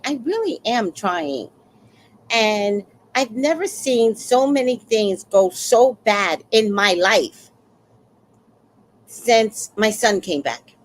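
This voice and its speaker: Brief: woman livestreamer, slow, unhurried talk with big swings in pitch, emotional storyteller. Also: slight background noise. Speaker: livestream host. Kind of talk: casual livestream talk, reading chat.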